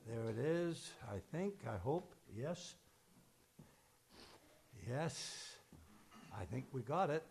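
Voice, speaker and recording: A man leading a church service as pastor, emotional and chatty, fumbling with his notes and screen between warm asides. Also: mid-range voice, lively intonation, takes it slowly, gravelly, long pauses, a little hiss or hum. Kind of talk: sermon with casual asides. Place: church service shared over video call.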